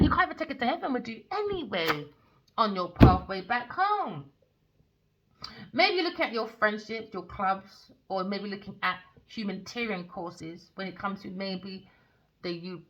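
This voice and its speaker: A woman's voice: mid-range voice, fairly bright tone. Heated, sweary woman ranting as a tarot reader. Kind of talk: ranting casual monologue.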